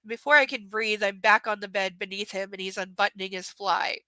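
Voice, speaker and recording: A woman reading a romance novel aloud on a live stream, breaking off for sarcastic, mocking asides and dipping into soft whispers. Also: medium pitch, steady tone, a little fast, no echo, low-quality recording. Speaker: live-stream book reader.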